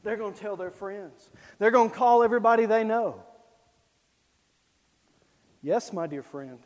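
A man preaching a sermon, emphatic, swinging between loud declarations and low asides. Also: animated, measured pace, in a large hall, lo-fi sound.

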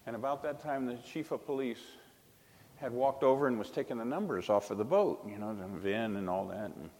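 A man preaching a personal testimony in sermon style, emphatic and swinging between loud bursts and hushed tones. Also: mid-range voice, lively intonation, brisk, in a large hall, slight background noise. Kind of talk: sermon storytelling.

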